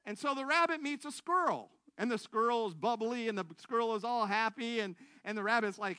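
A man's voice: high-pitched, expressive, brisk, hardly any pauses, bright, forceful tone, clean tone, no echo. A man giving a sermon testimony in a church, telling a story, acting out his own thoughts and calling out to the congregation for responses.

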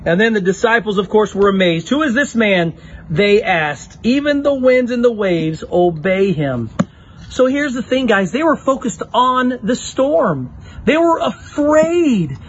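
A young man giving an animated children's sermon, talking straight to the kids and acting out the story. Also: very high voice, dull audio, slight background noise. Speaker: youth pastor. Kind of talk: children's sermon with object lesson.

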